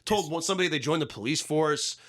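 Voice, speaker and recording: A man talks loosely on a podcast, rambling and swearing, with lots of restarts. His pitch swings a lot, and his tone is bright. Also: lively intonation, quick pace. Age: 30s. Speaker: podcast host. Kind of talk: casual chat.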